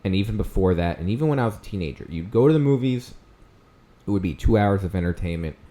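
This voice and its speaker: Low-voiced man in his thirties reviewing films. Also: animated, fast talker, dark tone. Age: 30s. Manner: conversational, frequent fillers and restarts, emphatic rises on key words. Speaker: movie review host. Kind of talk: casual spoken movie review.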